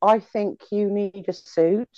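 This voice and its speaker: A woman's voice: medium pitch, fairly even intonation, takes it slowly, dark tone, no echo, lo-fi sound. A woman being interviewed as a guest singer, telling stories casually with many ums and self-mocking laughs. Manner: chatty, hesitant, lots of ums, laughs at herself.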